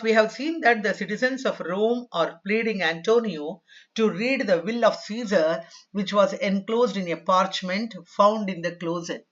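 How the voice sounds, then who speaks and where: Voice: mid-range voice, a bit bright, highs cut off. A teacher, reading lines from a play aloud and paraphrasing them in simple words. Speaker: English teacher. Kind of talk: explaining a play line by line.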